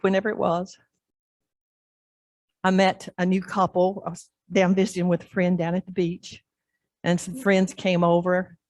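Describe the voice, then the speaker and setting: A woman pastor delivers a sermon story in a lowish voice. She acts out each scene with lively animation, and the sound is close and dry with no room echo. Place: church.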